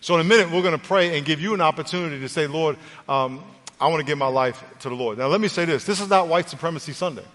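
Brief man, pastor, earnest conversational preacher, slightly high pitch, church hall reverb with faint music. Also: fast talker, fairly bright tone. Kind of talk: sermon and altar call. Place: church auditorium.

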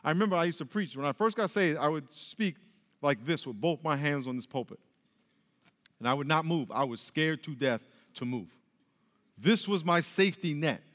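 High-pitched middle-aged preacher guy telling stories from the pulpit, long echoey church reverb. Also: normal speed. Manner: animated preaching with storytelling, restarts and acted-out quotes. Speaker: pastor. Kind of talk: sermon.

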